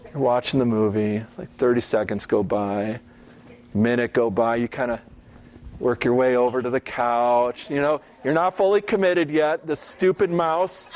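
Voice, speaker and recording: A man giving a Bible teaching talk, telling stories in a relaxed, conversational way and often checking in with "okay?". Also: mid-range voice, normal speed.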